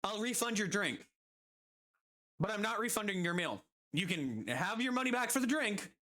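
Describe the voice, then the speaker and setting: A woman's voice: medium pitch, normal speed, natural voice. A woman streamer quoting a firm, no-nonsense woman restaurant manager. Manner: firm and steady.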